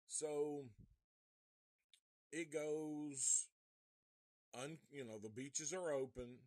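Brief: man reviewing a movie live, unhurried and rambling, curses a lot, dry close sound. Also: medium pitch, no room sound. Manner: rambling, profane, restarts often.

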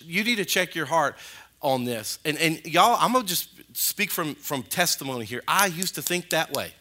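Preaching a sermon in a church sanctuary, a male pastor speaks at a moderate pace in an animated, colloquial style. His pitch and loudness rise and fall.

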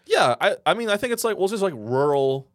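Man, podcast co-host, lively swooping pitch, dry close sound, jokey riffing. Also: fast talker, no room sound. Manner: riffing, joking, mock infomercial bits. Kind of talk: casual comedic banter.

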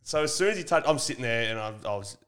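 A man's voice: medium pitch, expressive, fast talker, fairly bright tone. Man, podcast host, teasing banter, slangy storytelling. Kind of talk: casual banter.

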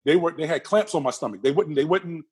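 A man being interviewed, telling a personal story with lively energy and acting out the other people's lines. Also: a little high, fast, husky. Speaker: interview guest.

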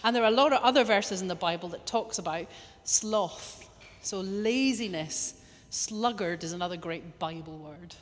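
A woman preaching a lively sermon, now and then acting out little quoted voices. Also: mid-range voice, moderate pace. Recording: long hall reverb.

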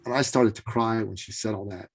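A man's voice: fairly low pitch, a little fast, slightly rough. Man telling a story on a podcast. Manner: animated, with repeated restarts. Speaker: podcast guest, coach. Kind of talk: casual storytelling.

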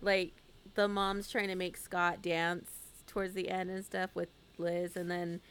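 Chatty woman with a creaky voice. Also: lowish voice, flat delivery, measured pace, a bit bright. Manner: chatty, laughs often. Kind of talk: casual chat.

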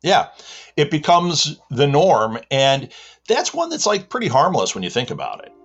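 A man being interviewed, animated and joking as he explains himself. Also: fairly high pitch, moderate pace, slightly rough. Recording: slightly dull lo-fi sound.

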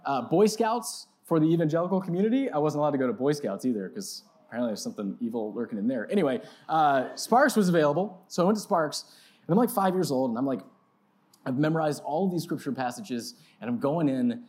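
An animated male preacher telling a story to a live audience, casual and self-mocking, dotting his talk with "like" and "right?". He climbs to loud, excited peaks, then drops into a low, hushed, reflective tone. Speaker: pastor.

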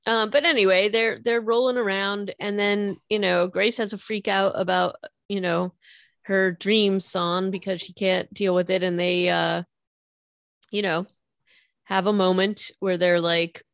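A woman's voice: medium pitch, fairly even intonation, a little slow, fairly bright tone, clean tone, no echo. Chatty woman, dry close sound. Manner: chatty, with lots of fillers and incredulous asides. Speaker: podcast co-host. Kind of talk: casual chat recapping a TV episode.

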